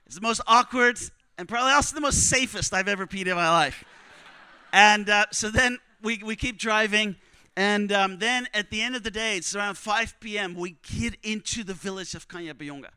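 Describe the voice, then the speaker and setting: A man preaching, telling a story in a conversational, animated way and acting out what others said. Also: high-pitched, a little fast, smooth, dry recording. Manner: animated, conversational, acts out quotes. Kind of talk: sermon storytelling.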